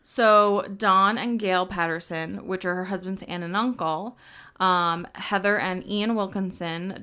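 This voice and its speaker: A woman's voice: on the low side, sharp tone, clean tone. A young woman co-hosting a casual true-crime podcast, chatty and swearing freely, often breaking into laughs. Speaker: podcast co-host. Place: New York.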